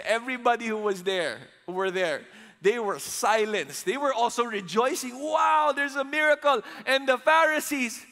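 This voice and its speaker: A man preaching a sermon, mixing English and Tagalog, swinging from loud exclamations to hushed lines and acting out quotes. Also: high-pitched, in a large hall.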